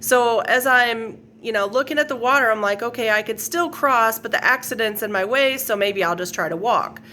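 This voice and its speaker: A woman's voice: a little high, normal speed, bright, forceful tone, slight background noise. A middle-aged woman earnestly retelling a dream as a personal faith testimony, rambling with fillers and quoted lines. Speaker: faith video host. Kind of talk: personal testimony, casual storytelling.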